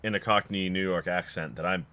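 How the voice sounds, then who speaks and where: A man's voice: sits low, steady tone, a little fast, background noise. A man from California narrating as game master, describing scenes in a playful way.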